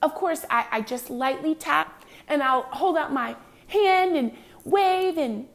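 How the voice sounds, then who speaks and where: A woman talking casually in a chatty monologue, full of fillers and swinging between soft asides and loud, animated bursts. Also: high-pitched, slow.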